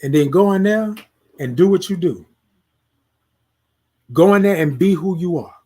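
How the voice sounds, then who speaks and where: A man hosts a motivational talk in a high, husky voice. He repeats his lines like a preacher and slips into quiet, murmured self-talk. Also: expressive, a little slow. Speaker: podcast host.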